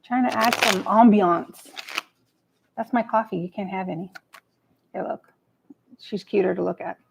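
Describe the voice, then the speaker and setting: A woman's voice: mid-range voice, a little slow, vocal fry, slight background noise, rough recording. A woman doing a live tarot reading, chatting casually, muttering to herself and swearing freely as she pulls cards. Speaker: tarot reader. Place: home table with a cat nearby.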